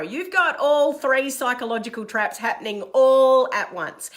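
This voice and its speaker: A middle-aged woman with an Australian accent, giving a direct, energetic motivational talk as a coach on a live stream and reading out viewer comments as she goes. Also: high-pitched, unhurried, few pauses. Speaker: online business coach.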